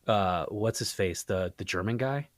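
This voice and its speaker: A man guesting on a podcast, chatting casually about a movie in a rambling way, with halting restarts. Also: on the low side, dry recording, studio quality. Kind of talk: casual movie-review chat.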